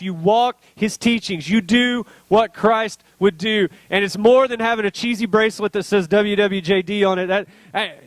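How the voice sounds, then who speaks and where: Earnest high-voiced male pastor preaching. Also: dry recording. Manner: earnest, rising to emotional intensity. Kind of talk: sermon.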